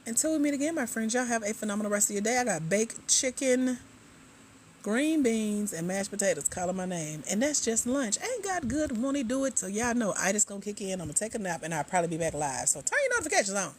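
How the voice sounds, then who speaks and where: A woman hosting a casual livestream, chatting and reading viewer comments aloud with drawn-out sign-offs. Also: medium pitch, very animated, a little hiss or hum. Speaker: livestream host.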